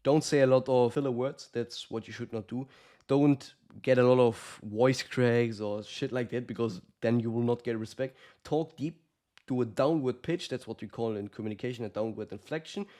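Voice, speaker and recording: Man, dark mellow tone, blunt fight-coach talk, frequent swearing. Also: mid-range voice, steady tone, moderate pace. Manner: blunt, swears often, calls listener brother; acts out quoted lines of fighters. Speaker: combat sports coach. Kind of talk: casual advice talk to camera.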